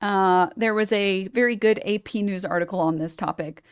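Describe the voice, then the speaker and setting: A woman's voice: medium pitch, moderate pace, clean tone, no echo. A woman streamer giving a sarcastic, blunt commentary as she reacts to a video.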